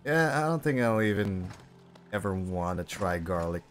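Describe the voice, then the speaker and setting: A man's voice: on the low side, lively intonation, normal speed, faint music behind. A man hosting a casual game stream, chatting loosely, talking to himself and swearing now and then. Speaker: streamer host. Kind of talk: casual gameplay chat.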